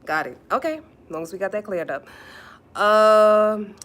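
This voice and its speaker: A woman hosting a livestream, talking softly and repeating herself as she consoles viewers, then turning sassy while reading comments. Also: mid-range voice, measured pace. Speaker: livestream host. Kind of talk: casual livestream talk to viewers.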